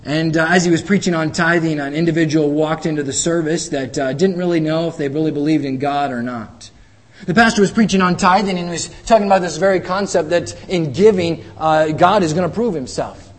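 A man's voice: on the high side, brisk. A man preaching a sermon, driving points home with repeated rhetorical questions and reading scripture aloud. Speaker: pastor.

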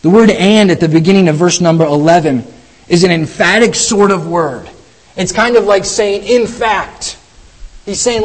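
A man's voice: sits high, moderate pace, poor audio. A man preaching a sermon, emphatic and repetitive, stumbling over restarts as he presses his points.

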